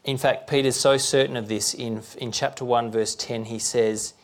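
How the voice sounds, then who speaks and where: A man's voice: medium pitch, steady tone, normal speed. A man preaching a sermon, talking conversationally and checking in with rhetorical questions.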